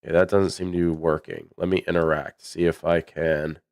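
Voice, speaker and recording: A man with a baritone voice giving chatty, rambling livestream commentary on a match, with many fillers. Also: little pitch movement, brisk, no room sound, studio quality. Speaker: esports commentator.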